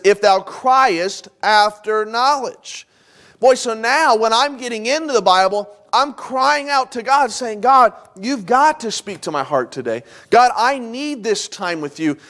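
A pastor preaching a sermon in a church sanctuary, talking conversationally and pausing for emphasis. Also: male voice, high-pitched.

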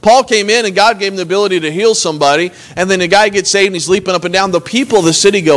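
Reading from scripture and restating it in plain talk, this pastor delivers an earnest sermon. He speaks at a quick pace in a high-pitched voice.

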